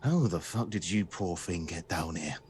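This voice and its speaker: A man's voice: low-pitched, normal speed, darkish tone, slight background noise, pitched below the performer's own voice, natural voice. A man voicing a crude mutated pig-man sewer dweller who swears bluntly, in a tabletop game. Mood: gruff pity.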